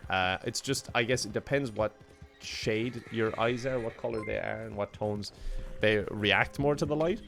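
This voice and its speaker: A man's voice: fairly low pitch, normal speed, vocal fry, a bit bright, faint music behind. A man streaming a game, chatting casually with viewers, laughing often and thanking them for donations. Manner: laughs often, reads out chat donations, rambling. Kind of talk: casual gaming livestream chat.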